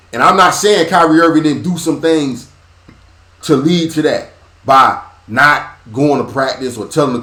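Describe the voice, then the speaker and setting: A man hosting a podcast, delivering a preachy sports monologue in repeated rhythmic phrases, dropping low and quiet, then rising loud and high. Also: reverberant. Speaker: podcast host.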